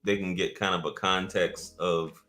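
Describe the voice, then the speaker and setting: A man's voice: fairly even intonation, normal speed, bright, forceful tone, faint music behind. A man hosting a live podcast stream, chatting casually and joking with viewers and his co-host. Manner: loose, joking, talks to the chat, swings up in pitch when surprised.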